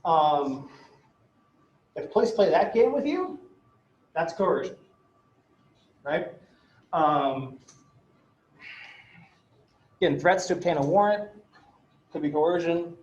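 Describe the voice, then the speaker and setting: Male law lecturer, loose and chatty, fairly high voice, echoey dull classroom sound. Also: lively intonation, takes it slowly, pauses often, darkish tone. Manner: chatty, filler-heavy, swears, checks in with "right?". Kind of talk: casual classroom lecture with anecdotes.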